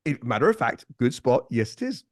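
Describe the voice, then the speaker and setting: A man guest on a podcast, telling stories in a lively way and chuckling often. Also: medium pitch, brisk, no echo, clean studio sound. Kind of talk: casual storytelling chat.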